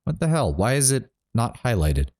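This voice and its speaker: A man's voice: medium pitch, very animated, normal speed, a little mellow. A man streaming a role-playing game, chatting casually and reading game dialogue aloud.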